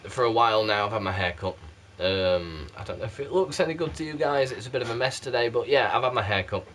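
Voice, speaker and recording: This YouTube candle reviewer, from South Yorkshire, England, talks fast and expressively in a mid-range, fairly bright voice with slight background noise. He chats to camera in a rambling, self-deprecating way, his northern accent muddled, via a PlayStation camera mic.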